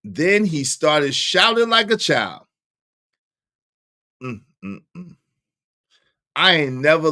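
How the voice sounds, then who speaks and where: A man hosting a live stream, giving loud, animated commentary full of slang and frequent laughter. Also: fairly high pitch. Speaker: livestream host.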